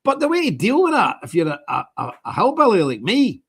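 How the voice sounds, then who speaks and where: A husky-voiced Irish man in middle age hosts a loose, opinionated monologue. His delivery rambles and jumps around in pitch, with his voice sitting slightly high, and he slips into acted-out snatches of dialogue. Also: a little fast. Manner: rambling, animated, acts out quoted dialogue. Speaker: host of a church channel's update stream.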